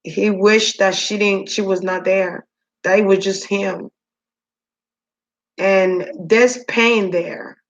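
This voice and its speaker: A woman giving a spiritual reading to her viewers, musing aloud with many pauses, ums and repeated words. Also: mid-range voice, fairly even intonation. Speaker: spiritual reader. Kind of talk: psychic reading monologue.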